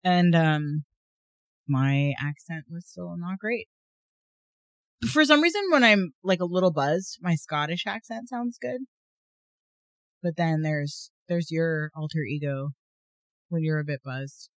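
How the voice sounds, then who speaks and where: A woman's voice: low voice, expressive, takes it slowly, long pauses, dry recording. A woman co-hosting a podcast in casual chat, chatty and giggly with lots of fillers. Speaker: podcast co-host.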